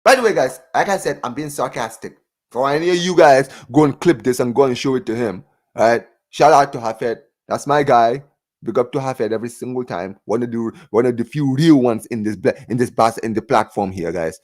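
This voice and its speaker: Hosting a live football fan reaction stream, a man with a mid-range, fairly quick voice rants in a sarcastic, animated way. He keeps repeating words and throwing in "bro."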